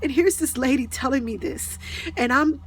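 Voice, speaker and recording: A woman's voice: high-pitched, moderate pace, breathy edge. A woman earnestly telling a personal spiritual story to her followers, emotional and repeating herself as she goes. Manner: earnest, repetitive, often restarts sentences; emotional, near tears at times. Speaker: spiritual speaker.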